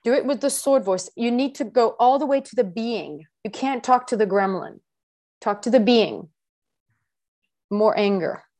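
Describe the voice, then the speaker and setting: A woman leads a live training exercise, pressing her student with short, direct instructions. She repeats herself to drive each point home. Her voice sits a little on the high side. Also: expressive, normal speed, a little mellow. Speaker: coaching trainer. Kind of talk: live coaching of a practice session.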